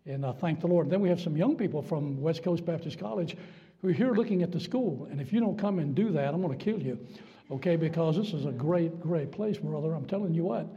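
Older guest preacher, folksy and emphatic, dark mellow tone, recorded in a reverberant sanctuary. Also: male voice, a little high, brisk, husky. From Virginia. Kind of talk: sermon with jokes. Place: church sanctuary. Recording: dull sound with long church reverb.

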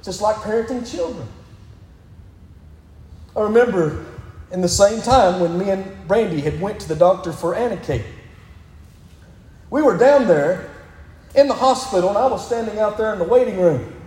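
Emphatic high-voiced pastor preaching in a hall. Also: male voice, lively intonation, moderate pace, pauses often, a little mellow. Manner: emphatic, repeatedly urging "listen". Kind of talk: sermon. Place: church sanctuary. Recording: echoey hall.

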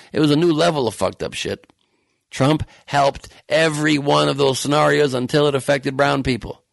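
A sarcastic, heated man ranting on a comedy podcast, his mid-range voice rough with vocal fry. He swears freely and rises into indignant outbursts. The sound is dry and close, with no room around it. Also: medium pitch, dry recording. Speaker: podcast host. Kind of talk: comedic political rant.

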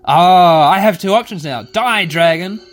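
A man's voice: sits high, a little slow. A man playing a text adventure aloud, reading it out and adding casual, wry asides. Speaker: game player and host.

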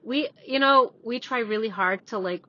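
A woman's voice: a little high, normal speed, no echo. A woman co-hosting a podcast from inside a parked car, upbeat, agreeable and casual. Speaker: podcast co-host, salon owner. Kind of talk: casual chat. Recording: dull lo-fi sound.

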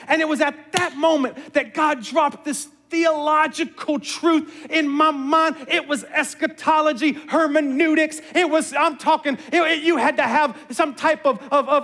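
A man, a pastor, giving a sermon as an animated, self-mocking storyteller. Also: very high voice, normal speed, hardly any pauses. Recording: long reverb of a large hall.

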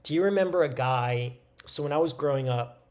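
A man's voice: a little high, a little fast, a little mellow. A man in his forties from New Jersey, co-hosting a podcast and telling stories in a sardonic, casual way. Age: 40s. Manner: storytelling, sardonic. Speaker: podcast co-host.

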